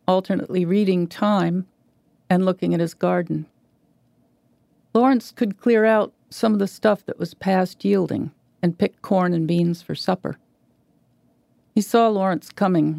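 A woman reads a short story aloud in a measured, even delivery. Her voice is gravelly and mellow, recorded close and dry. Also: on the low side, no echo. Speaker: reader. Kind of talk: reading literary fiction aloud.

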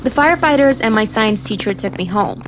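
A woman narrates a personal story in the first person. Her voice sits a little high, and she reads in an earnest, expressive way. Soft music plays faintly underneath. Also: a little fast. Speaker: podcast storyteller.

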